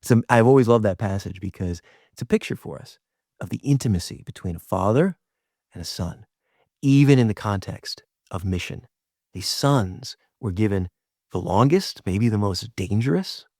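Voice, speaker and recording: A middle-aged man with a fairly low voice gives a reflective, faith-centered talk. He speaks conversationally, often stopping to restart or repeat a word. The sound is close and dry, with no room around it. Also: animated, moderate pace, a little mellow, no echo. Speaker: host.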